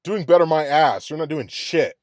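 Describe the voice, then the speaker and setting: A man's voice: a little high, normal speed, no room sound, studio quality. A man hosting a sports reaction show, ranting in a heated, profane way and repeating his complaints. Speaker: sports podcast host. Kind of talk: angry sports reaction rant.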